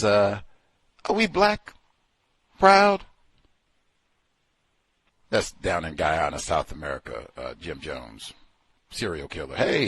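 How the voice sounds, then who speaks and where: A man casually talking through a book he is reading, animated and full of rhetorical questions. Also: sits low, breathy edge, no room sound. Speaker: book commentator. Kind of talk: casual spoken book review.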